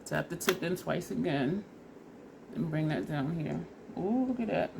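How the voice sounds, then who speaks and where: Teary and sniffling from allergies, a woman beauty vlogger chats through a makeup try-on step by step and laughs at herself. She has a deep, expressive, creaky voice and speaks a little slowly, with background noise present.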